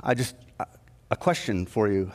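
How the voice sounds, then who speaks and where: A man voicing a parrot that was rude and now speaks with calm, formal, stiff politeness, in a sermon story. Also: lowish voice, a little slow, voice pushed down. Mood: curious. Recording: long reverb of a church hall.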